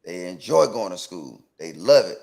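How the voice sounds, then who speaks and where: A man's voice: low voice, moderate pace, gravelly. A man from Atlanta co-hosting a call-in talk show, debating with pointed questions and stammered restarts. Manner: animated, asks pointed questions, repeats "right?". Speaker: co-host.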